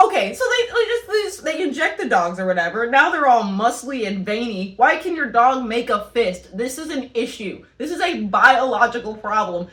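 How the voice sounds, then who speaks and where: A woman's voice: fairly high pitch, normal speed, few pauses, roomy sound. A woman co-hosting a casual comedy podcast, ranting with lots of swearing and breaking into laughter. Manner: animated, profane rants that break into laughter. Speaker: podcast co-host.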